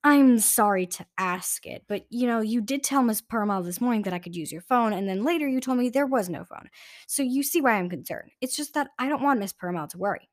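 A woman's voice: fairly high pitch, lively intonation, brisk, no echo, studio quality, natural voice. A woman voicing an earnest, polite boy who asks careful, insistent questions in a read-aloud story.

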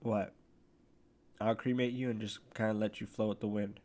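Deadpan teasing young man. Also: on the low side, moderate pace. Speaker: podcast co-host. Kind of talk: casual chat.

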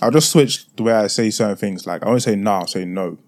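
A young man on a casual podcast, laughing often and quick to repeat his denials. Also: lowish voice, lively intonation. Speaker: podcast co-host. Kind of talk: casual chat.

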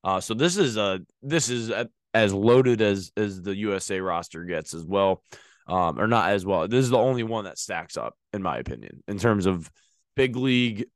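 A man's voice: on the low side, lively intonation, normal speed, no echo. A man hosting a sports podcast, talking casually and rambling with many fillers and restarts. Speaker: podcast host.

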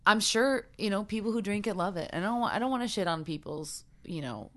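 A woman chatting casually on a podcast, playful and animated, often acting out people she quotes. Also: mid-range voice, fast talker. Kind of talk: casual chat.

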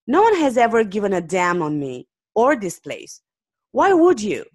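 A woman reading aloud and voicing an angry, distrustful man who owns the place and shouts dismissively. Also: medium pitch, very animated, normal speed, pitched above the performer's own voice. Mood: furious.

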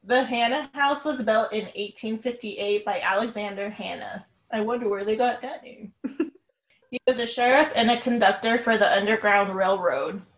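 A woman co-hosting a casual podcast, reading her research notes on a haunted house in a soft, chuckling way. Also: fairly high pitch, moderate pace. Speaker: podcast co-host. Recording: echoey room.

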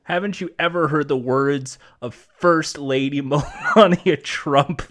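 Male comedy podcast host, higher-pitched, rambling self-deprecating chatter. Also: slow pace, a bit bright. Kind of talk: casual comedy chat.

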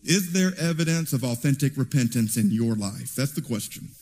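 A man preaching a sermon in an animated storytelling way, heard in a church hall with reverb. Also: mid-range voice, moderate pace, slight background noise. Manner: animated storytelling with acted quotes.

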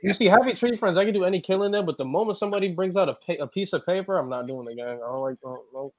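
A man's voice: high voice, rapid-fire, no room sound. A young man in casual group chat, blunt and profane, repeating catchphrases. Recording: muffled lo-fi mic.

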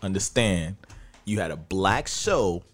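Male co-host, very low voice, laid-back and blunt, trash talk on a studio podcast mic. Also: lively intonation, slow pace. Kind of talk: casual podcast chat.

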